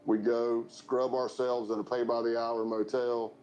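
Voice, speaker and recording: A man recounting his past undercover work, animated and acting out the dialogue himself. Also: medium pitch, a little slow, rough recording. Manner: animated storyteller, acts out dialogue. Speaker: former undercover informant. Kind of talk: recounting events in an interview.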